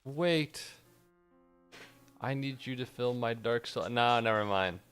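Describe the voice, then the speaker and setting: A man streaming himself playing an action game, commenting casually, excitable, swearing and joking at the game. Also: mid-range voice, moderate pace, clear, resonant tone, faint music behind.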